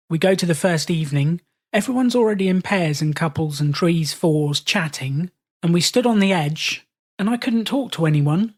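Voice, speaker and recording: A British man, a podcast host, telling stories in a relaxed interview and acting out the voices of people he quotes. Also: high-pitched. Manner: animated, acts out quoted voices. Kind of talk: storytelling in casual conversation.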